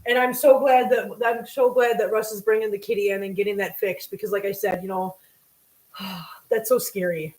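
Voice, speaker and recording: A woman with a medium-pitched, slightly mellow voice speaks at a moderate pace in a steady tone. She's hosting a cooking livestream from her home kitchen, chatting casually and emotionally while gushing thanks to her viewers. The recording is rough and sounds roomy.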